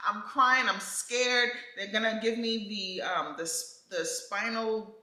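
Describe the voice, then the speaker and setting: A woman vlogger casually telling her birth story in an animated way, often laughing. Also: mid-range voice, slow pace, reverberant, poor audio.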